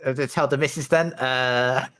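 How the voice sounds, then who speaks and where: A man's voice: medium pitch, steady tone, normal speed, a bit bright. A man with a British accent rambling through stories in casual chat while gaming, chuckling now and then. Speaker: co-player on a stream.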